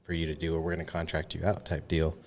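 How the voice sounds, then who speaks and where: A man's voice: extremely low pitch, monotone, quick pace, darkish tone. A man hosting a podcast, asking questions in an easygoing way and laughing often. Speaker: podcast host. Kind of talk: casual podcast interview.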